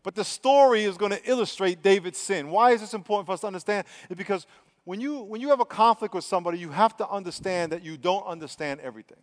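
A man's voice: sits high, fast, in a large hall. A man preaching a sermon in a conversational, emphatic way, acting out quotes as he goes. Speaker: pastor.

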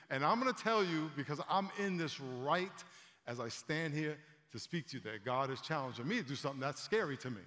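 A man in his fifties preaching a conversational sermon to a congregation, animated and storytelling, often repeating words as he talks. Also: a little high, fairly quick. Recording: long hall reverb.

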